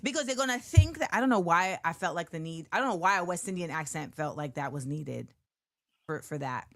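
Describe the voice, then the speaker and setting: A woman's voice: lowish voice, expressive, fairly quick, a bit bright, no echo. A woman hosting a podcast in casual, playful conversation with her guest. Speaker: podcast host.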